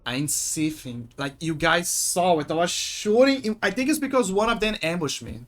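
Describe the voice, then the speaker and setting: A young man streaming a game, excitable and cursing when frustrated. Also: high voice, moderate pace. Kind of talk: gameplay commentary.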